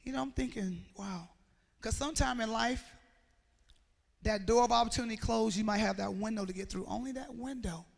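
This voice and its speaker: Woman with a gravelly voice, speaking in an echoey hall. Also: a little high, fairly quick. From Mississippi, USA. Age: 40s. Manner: storytelling, acts out dialogue, quizzes the audience. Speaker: motivational speaker. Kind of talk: motivational speech to students. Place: school assembly hall.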